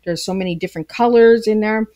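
A woman's voice: medium pitch, fast, mellow, muffled recording. Chatty Canadian woman guest. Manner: chatty, rambling, playful. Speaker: podcast guest. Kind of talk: casual interview conversation. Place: tea room at home. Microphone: video call.

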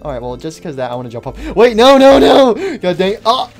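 A man voicing a dramatic female wolf animatronic with a shrill, panicky manner. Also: expressive, quick pace, fairly bright tone, faint music behind, natural voice. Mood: sulky.

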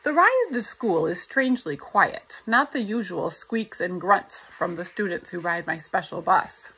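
Gravelly bright-voiced woman reading aloud. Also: on the low side, expressive, unhurried, low-quality recording. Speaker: audiobook narrator. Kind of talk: first-person novel reading.

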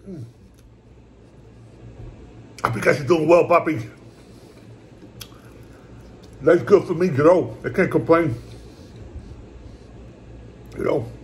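A man in a casual home eating vlog, rambling along in a relaxed, repetitive way as he talks to his viewers. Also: on the high side, unhurried, long pauses. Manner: laid-back, rambling, repeats "my brothers" and "puppy". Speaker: mukbang vlogger. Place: at home, indoors.

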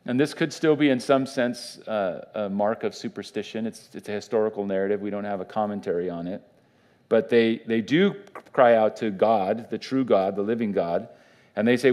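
A man's voice: lowish voice, moderate pace, darkish tone. A man, a pastor, giving a conversational Bible teaching in church, with fillers and restarts.

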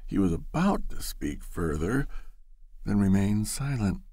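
Slow husky guy reading a classic story, lively ups and downs, dry sound. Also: on the low side, dry recording. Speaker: narrator. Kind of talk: audiobook narration of a classic story.

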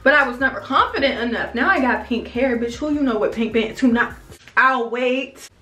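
A woman vlogging a hair tutorial in casual, excitable talk to camera, slangy and swearing freely. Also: on the high side, a little fast. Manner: excitable, animated, slangy and profane. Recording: echoey room with faint music.

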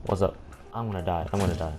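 A man giving casual gameplay commentary, excitable and slangy, talking back to the game's characters. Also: deep voice, quick pace. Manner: excitable, talks to the game characters, says "bro" constantly. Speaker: gamer. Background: game music.

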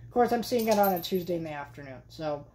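A woman's voice: fairly low pitch, expressive, fast talker, mellow, a little hiss or hum. A young adult woman reviewing a film in a vlog, chatty and exasperated, with lots of fillers. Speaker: movie vlogger. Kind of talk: casual movie review rant.

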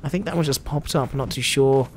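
A man's voice: medium pitch, normal speed, a little hiss or hum. A man with an Australian accent giving chatty, jokey commentary over his own gameplay. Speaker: gameplay video host.

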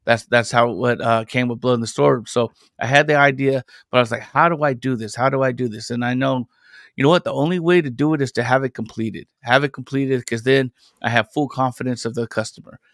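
A man's gravelly voice sits at an ordinary middle pitch. He talks as a podcast guest in loose, rambling, conversational stories. The sound is close and dry, with no room around it. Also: fairly even intonation, a little fast, a bit bright, dry recording. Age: adult parent. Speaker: podcast guest, independent comic creator. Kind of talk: casual chat.

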